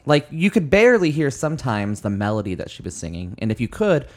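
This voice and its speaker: A man chatting casually as a podcast co-host, telling animated stories and swearing freely. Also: medium pitch, a little fast. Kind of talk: casual chat.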